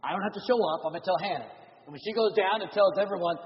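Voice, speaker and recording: A man preaching a revival sermon as pastor, animated, shifting between loud and hushed delivery. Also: high-pitched, racing. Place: church sanctuary. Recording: dull audio with long church reverb.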